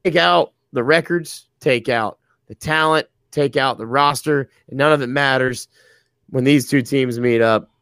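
A man's voice: medium pitch, a little slow, fairly bright tone, clean tone, dry recording. Earnest man arguing his football pick. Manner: earnest, building arguments. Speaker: podcast co-host. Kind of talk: casual sports analysis.

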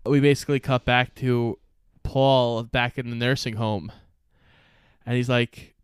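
A young man walks through a film's plot on a podcast in a casual way, dropping into the characters' lines as he goes. His voice is smooth and clear. The sound is close and dry. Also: medium pitch, fairly even intonation, measured pace, dry recording. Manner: plot-summarizing storyteller, acts out quotes. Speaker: podcast co-host. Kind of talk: casual movie recap chat.

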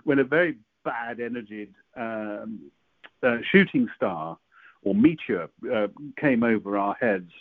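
A man talking in casual chat, halting and stammering often as he recounts an experience. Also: medium pitch, animated, creaky, dry recording. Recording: dry tinny phone-like line.

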